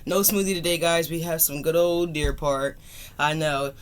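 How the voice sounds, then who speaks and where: A woman hosts her own tarot channel in easygoing chat straight to camera. She talks loosely and warmly, loops back through the same greetings and drops the odd curse word. Her voice now and then moves away from the camera mic. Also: low voice, normal speed. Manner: chatty and loose, repeats greetings, swears casually. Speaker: tarot reader and channel host.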